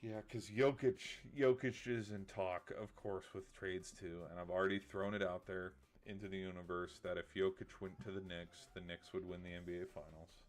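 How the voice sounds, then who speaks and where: Tired man rambling on a late stream. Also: low-pitched. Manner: rambling and heated, with filler words and restarts. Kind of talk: casual livestream chat.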